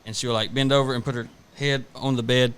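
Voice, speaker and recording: A man with a drawl, co-hosting a laid-back podcast. He rambles through stories about his kids and his job, swearing freely and acting out the exchanges as he goes. The voice sits at an ordinary middle pitch. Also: level tone, quick pace, fairly bright tone, clear, resonant tone. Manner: profane, rambling storyteller who acts out family anecdotes. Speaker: podcast co-host. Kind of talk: casual podcast chat.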